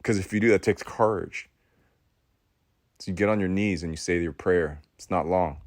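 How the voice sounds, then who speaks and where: A man with a very deep, low voice delivers a preachy motivational monologue, leaning into a sermon-like rhythm. He repeats his key phrases and leaves long dramatic pauses, often restarting mid-sentence with a stammer. The sound is close and dry, with no room around it. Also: no echo. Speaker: podcast host.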